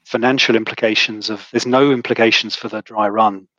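Middle-aged male guest, husky, dry close sound, emotional and halting. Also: fairly low pitch, steady tone, fairly bright tone, dry recording, dull audio. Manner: halting, emotional, many restarts. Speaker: podcast guest, author. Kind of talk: conversational interview.

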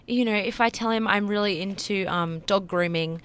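A woman's voice: mid-range voice, moderate pace, a bit bright, clear, resonant tone. A young woman co-hosting a casual dating podcast, giving thoughtful advice and acting out awkward moments. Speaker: podcast co-host, dating coach.

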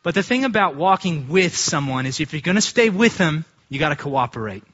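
A man giving a storytelling testimony to a church congregation, from the United States, acting out the voices of people in his story with sudden pitch jumps. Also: sing-song, fairly quick, a bit bright, muffled recording.

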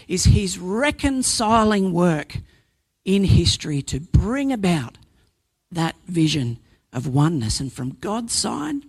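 A man's voice: sits high, husky, no echo. A man preaching a sermon, earnest and emphatic, building points through repetition and sometimes restarting a phrase.

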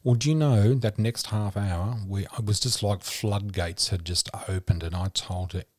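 A man's voice: lowish voice, moderate pace, dry recording, studio quality. A middle-aged man tells his personal story openly and emotionally, calling the listener honey and sweetheart. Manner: emotional, warm terms like honey and sweetheart, many restarts. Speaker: podcast guest sharing his story. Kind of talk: candid conversational storytelling.

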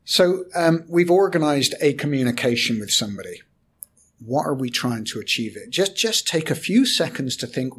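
A man, a corporate trainer explaining communication in a podcast discussion, measured and hesitant at times. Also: mid-range voice, big pitch swings, a little hiss or hum.

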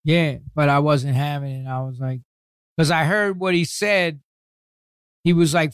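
This New York City man speaks in a slightly high, smooth voice with no echo, in a New York accent. As a guest in a relaxed interview, he recounts his past with heavy swearing and blunt street talk. He acts out others' words in quick retellings.

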